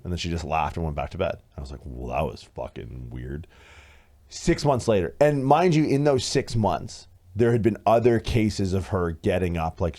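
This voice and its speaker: A man in his thirties co-hosting a podcast, telling a story in casual chat, animated and swearing, acting out what others said. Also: fairly low pitch. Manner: animated, swearing, acts out quoted voices loudly. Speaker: podcast co-host.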